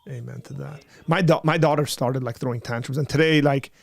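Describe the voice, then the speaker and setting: A man's voice: medium pitch, fairly even intonation, a little fast, creaky. A man hosting a casual call-in livestream, joking and rambling with frequent restarts. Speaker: livestream host.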